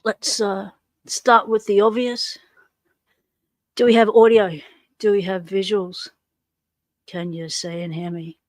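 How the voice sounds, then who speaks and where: Australian woman, livestream host, slow unhurried delivery, dry close sound, greets viewers casually. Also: mid-range voice, steady tone, no echo. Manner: greets chat viewers one by one, friendly slang.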